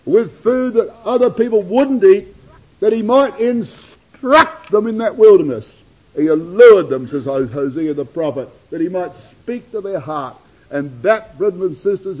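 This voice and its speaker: Husky high-voiced male preacher, earnest sermon, dull old recording. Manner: earnest, rhetorical repetition.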